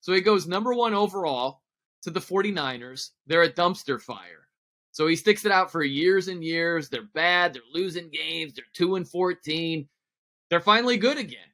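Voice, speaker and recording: A man's voice: on the high side, animated, normal speed, sharp tone. A man appearing as a guest on a radio sports show, talking casually, enthusiastic and plain-spoken, on a studio microphone.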